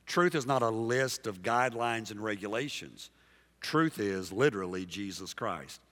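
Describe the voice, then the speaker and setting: A man preaching a sermon as pastor, emphatic and dynamic, dropping soft and then rising loud while he calls out to the congregation. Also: on the low side, expressive, normal speed. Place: large church sanctuary. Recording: long hall reverb from a big church.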